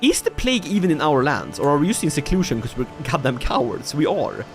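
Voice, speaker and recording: A man's voice: on the high side, brisk, faint music behind. A man from Sweden streaming a strategy game live, joking and chatting with his viewers as he plays. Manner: animated, jokey, laughs often, talks to chat. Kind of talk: casual livestream game commentary.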